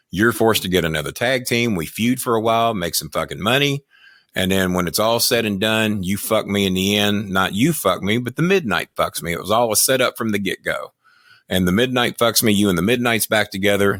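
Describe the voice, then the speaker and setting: A man's voice: fairly low pitch, fairly bright tone, dry recording, studio quality. An older American man, a podcast guest, telling long boastful and profane stories in casual chat. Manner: profane, boastful, rambling anecdotes. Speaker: podcast guest, former wrestling manager.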